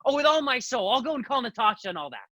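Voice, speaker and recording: A woman's voice: a little high, sing-song, fast, a bit bright, no room sound. A woman acting a fussy, fawning older male landowner, gushing with theatrical endearments. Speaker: student actor. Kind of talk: stage acting.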